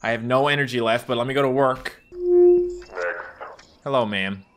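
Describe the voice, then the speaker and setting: A young man doing goofy, comedic commentary while playing a game, jumping into loud excited outbursts. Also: medium pitch, normal speed, a little hiss or hum. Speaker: gaming YouTuber. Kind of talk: comedic let's play commentary. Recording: faint game music behind.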